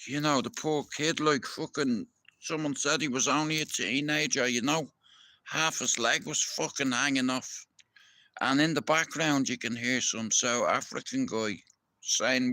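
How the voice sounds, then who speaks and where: A man's voice: mid-range voice, a little slow, sharp tone, dry recording. A young Irish man ranting to his viewers in a heated, profane live-stream monologue. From Ireland.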